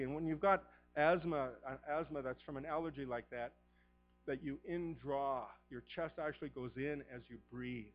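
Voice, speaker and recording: A middle-aged man preaching a sermon as pastor, fervent, swinging from a hushed voice to shouting. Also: medium pitch, lo-fi sound.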